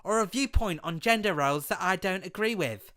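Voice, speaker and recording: A man's voice: high-pitched, animated, brisk, sharp tone. A man voicing an indignant female puppet wife who lectures in a mock-offended tone. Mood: mock outraged.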